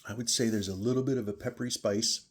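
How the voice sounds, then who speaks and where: A man's voice: mid-range voice, steady tone, fast talker, husky. A man chatting casually as he tastes and reviews a bourbon, thinking aloud between sips. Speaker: whiskey reviewer. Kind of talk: casual tasting chat.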